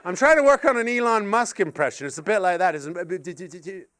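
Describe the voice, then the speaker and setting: A Canadian man performing stand-up comedy on stage, animated and swearing, slipping into silly voices. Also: high voice, normal speed, smooth.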